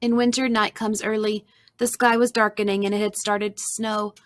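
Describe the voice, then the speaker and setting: Woman, storybook narrator, soft and expressive, mid pitch, dry close mic. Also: normal speed, dry recording. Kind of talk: storybook read-aloud.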